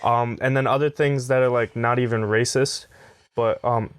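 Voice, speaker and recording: A man's voice: medium pitch, steady tone, moderate pace, smooth. A man in his twenties co-hosting a casual podcast, rambling and joking at his own expense. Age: 20s. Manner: rambling, jokey, self-deprecating. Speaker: podcast co-host. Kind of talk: casual chat.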